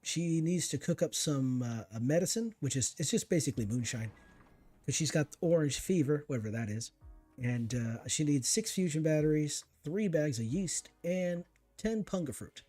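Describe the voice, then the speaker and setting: A male streamer talks through his game in a loose, chatty way, needling the enemies and musing aloud. His voice is husky and mellow, and his pitch swings widely as he reacts. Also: animated, moderate pace, soft background music. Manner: chatty, talks to himself and to enemies while playing. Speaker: gaming streamer. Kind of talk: casual let's-play commentary.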